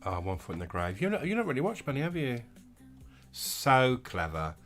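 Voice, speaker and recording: A man's voice: medium pitch, huge pitch swings, normal speed, faint music behind. A man co-hosting a casual chat, talking with enthusiasm about favourite old episodes. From England. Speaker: co-host.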